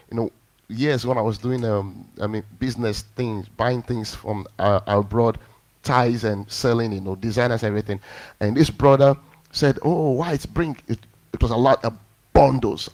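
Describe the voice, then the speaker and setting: A male pastor preaching at a middle pitch, telling his own story in a sermon. He talks with animation and acts out what others said to him. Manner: animated storyteller acting out quotes.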